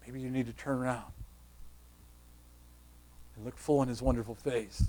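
A man preaching a sermon, pressing his listeners with repeated rhetorical questions and sinking to a soft, quiet close. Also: medium pitch, fairly even intonation, moderate pace.

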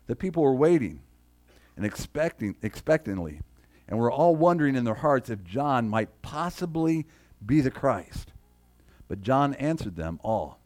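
A man's voice: medium pitch, a little slow, long pauses. A middle-aged man preaching a sermon as a pastor, asking the congregation questions and reading scripture aloud with rising emphasis. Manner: animated preaching with call-and-response, reads scripture aloud.

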